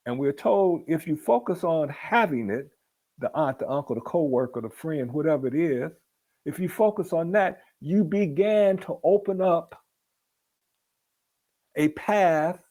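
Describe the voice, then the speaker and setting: A man's voice: a little high, dark tone. A man leading a spiritual book discussion in an earnest, repetitive teaching manner that builds to emphatic peaks. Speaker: book club leader.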